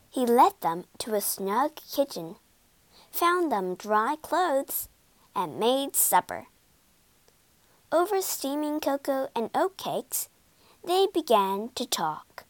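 Slow, lively woman storyteller. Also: sits high, no echo. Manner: slow, lively expressive reading. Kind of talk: scripted storybook narration.

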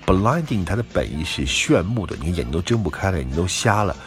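A man's voice: low-pitched, big pitch swings, fast, faint music behind. A man hosting a language lesson, steadily explaining English expressions. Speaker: English teacher.

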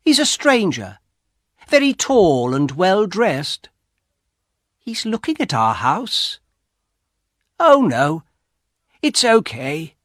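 A man reading an audiobook, voicing an anxious, excitable old woman who speaks in fretful, rising exclamations. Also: sits high, takes it slowly, long pauses, no room sound, studio quality, voice pushed up, full character voice.

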